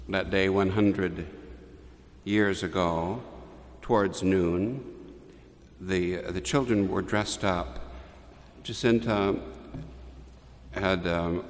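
A man preaching a homily, telling a story in a measured way with restarts and pauses. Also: sits low, in a large hall. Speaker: priest.

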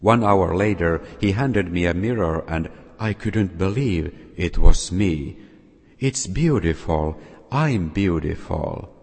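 A man voicing a suffering talking teacup that pleads and cries out, told in a slow storytelling way. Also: low voice, animated, breathy edge, full character voice. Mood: pleading. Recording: long hall reverb.

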